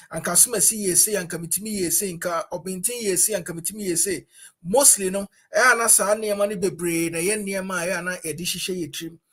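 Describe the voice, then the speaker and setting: Ghanaian male talk show host, high voice. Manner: addresses viewers directly, halting with fillers.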